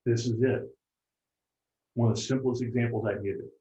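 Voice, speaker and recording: Male motivational speaker, lively, keeps asking the group if they're with him; roomy, muffled room sound. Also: mid-range voice, brisk. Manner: animated, keeps checking in with the audience. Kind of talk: motivational seminar talk to a live group. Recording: roomy, dull lo-fi room recording.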